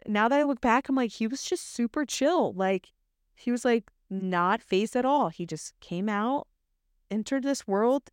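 A young woman talks casually and candidly, full of ums and likes, her voice a touch higher than most and very clear. She sounds close to the mic in a dry, quiet room. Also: dry recording. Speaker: podcast host. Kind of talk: casual solo storytelling.

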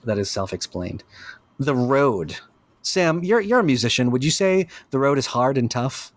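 A man co-hosting a podcast in casual chat, excitable and rambling, swearing freely. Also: medium pitch, normal speed, dry recording, studio quality. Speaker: podcast co-host.

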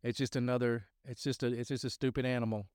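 A middle-aged man tells a story on his podcast in a loose, rambling way, circling back and restarting his sentences. His voice is smooth and clear, recorded close and dry. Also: medium pitch, flat delivery, fast, a little mellow, no room sound. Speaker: podcast host sharing testimony. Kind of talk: casual spoken testimony.

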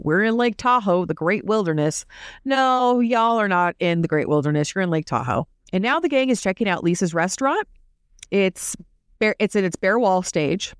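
Woman podcast host, casual and opinionated, smooth, clear voice in a dry, close booth. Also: on the low side, no echo. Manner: chatty and opinionated, quick asides.

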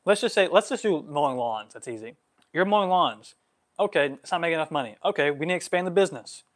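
A man in his twenties, a vlogger answering follower questions on a livestream, animated, getting worked up, with many "like" fillers. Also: on the high side, quick pace. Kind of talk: livestream Q&A monologue.

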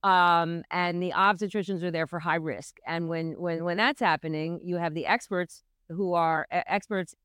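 A woman's voice: on the low side, fairly even intonation, moderate pace, hardly any pauses, a bit bright, smooth, no room sound, clean studio sound. A middle-aged woman, a midwife, earnestly telling her own hard birth story as an interview guest. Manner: earnest, intense retelling of a hard memory. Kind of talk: personal storytelling in a podcast interview.

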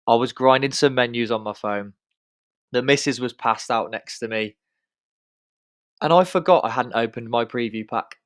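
A man's voice: medium pitch, normal speed, pauses often, no echo. Young guy hosting a podcast, cheeky and sweary, dry close sound. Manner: cheeky, swearing, hypes up guests. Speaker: podcast host. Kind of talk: casual banter.

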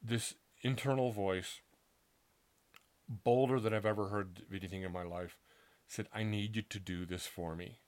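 A middle-aged man earnestly recounting a personal story in a casual, halting way, acting out what people said to him. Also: on the low side, fairly even intonation. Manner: earnest, halting, with restarts and acted-out quotes. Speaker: author telling his story.

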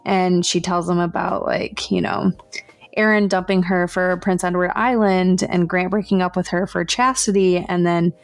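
A woman co-hosting a book podcast, recapping the plot in a relaxed way full of "like" and "you know". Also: lowish voice, moderate pace, clean tone, no echo, soft background music. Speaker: podcast co-host. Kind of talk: casual book review chat.

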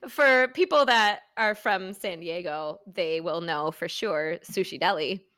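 A woman's voice: fairly low pitch, a little slow, smooth, no room sound, studio quality. An American woman in her thirties co-hosting a podcast, chatting casually and telling stories with frequent laughter. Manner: chatty, laughs often, animated storytelling. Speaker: podcast co-host. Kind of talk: casual chat.

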